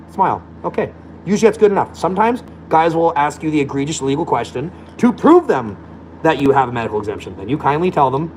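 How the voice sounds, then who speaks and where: Slightly high-pitched and expressive, a man from Alberta, Canada, talks a little fast in a profane rant. The audio is poor with slight background noise, and he swears freely in a blunt, combative, loose monologue.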